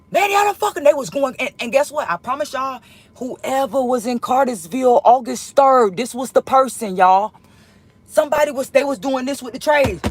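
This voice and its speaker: A woman telling a personal story in a casual monologue, emotional and profane, rambling and swinging between loud outbursts and hushed asides. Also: high voice, slightly rough. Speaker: storyteller vlogger.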